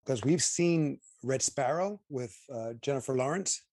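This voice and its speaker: A man talking through a film review with a co-host, opinionated and emphatic. His voice sits at an ordinary pitch. The sound is dry and close, with no room around it. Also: measured pace, dry recording. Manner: opinionated, emphatic, animated asides. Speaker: podcast co-host. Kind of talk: casual movie review chat.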